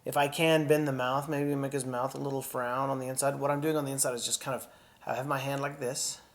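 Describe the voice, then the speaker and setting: A man gently encourages children through a puppetry lesson, breathing and sighing aloud to show each emotion. He speaks quickly in a mid-range voice with a flat delivery.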